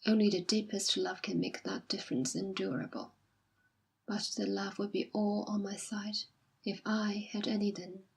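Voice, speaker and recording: Jilted young woman, dignified and quiet, breathy husky timbre, as voiced by a woman reader. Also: medium pitch, steady tone, moderate pace. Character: jilted young woman, proud and self-sacrificing. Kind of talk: audiobook reading.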